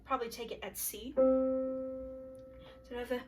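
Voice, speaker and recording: A young woman casually explaining vocal warm-up exercises in a music lesson, chatting with fillers and singing short solfege drills. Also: a little high, moderate pace, recorded from a distance. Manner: relaxed and conversational, many fillers, breaks into sung solfege drills. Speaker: music student presenting a class project. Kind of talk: casual spoken lesson with sung demonstrations.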